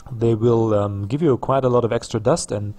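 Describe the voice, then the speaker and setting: A man's voice: medium pitch, normal speed, mellow. A man giving casual let's play commentary on a strategy game, musing aloud with frequent ums and restarts. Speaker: gameplay commentator.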